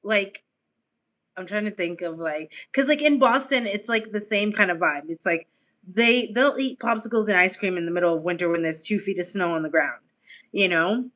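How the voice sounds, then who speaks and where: The recording is muffled, carrying a mid-range, slightly bright woman's voice at normal speed. She's an American from the United States streaming casually, rambling with plenty of fillers, and years in Australia have slightly tinged her accent.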